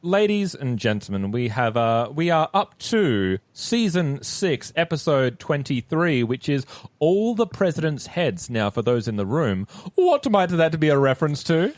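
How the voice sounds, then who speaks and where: A man's voice: on the high side, very animated, measured pace, no room sound. A young adult man hosting a podcast, chatting in a jokey, rambling way. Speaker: podcast host. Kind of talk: casual chat.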